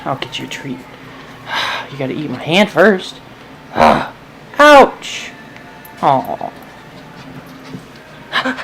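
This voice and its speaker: A woman at home cooing to her puppy in sing-song baby talk, her voice leaping high and dropping back down. She speaks very slowly and draws the words out, with a faint hiss in the background. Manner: coos and gives commands in high baby talk. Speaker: dog owner filming her puppy. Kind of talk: home video, talking to a pet. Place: home, indoors.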